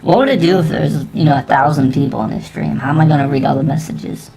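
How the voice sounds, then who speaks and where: A man talking through a pitch-shifting voice effect, rambling and goofing around. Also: fast, vocal fry, a loud crowd, poor audio. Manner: goofy, rambling.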